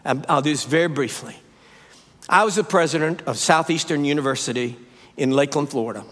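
Older preacher with a high, ringing voice. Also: male voice, a little fast. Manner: animated, rising to high emphatic peaks. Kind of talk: sermon with storytelling. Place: church sanctuary. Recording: live sermon with long reverb.

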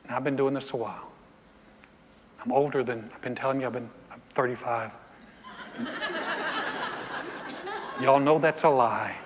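A middle-aged pastor with a medium-pitched voice speaks a little slowly, pausing often, over a noisy background. Preaching in a church sanctuary, he animatedly acts out scenes and jokes with the congregation, captured in a reverberant hall with faint ambience.

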